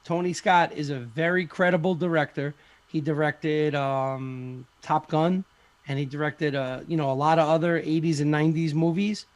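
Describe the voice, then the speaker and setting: A man's voice: a little high, steady tone, moderate pace, no echo. Rambling, swearing man in casual podcast chat. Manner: rambling, swears often, many fillers. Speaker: podcast participant.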